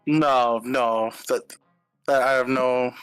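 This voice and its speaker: Hesitant man with a smooth voice. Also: mid-range voice, fairly even intonation, a bit bright, soft background music, poor audio. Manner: hesitant, halting descriptions. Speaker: tabletop game player. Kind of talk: casual chat.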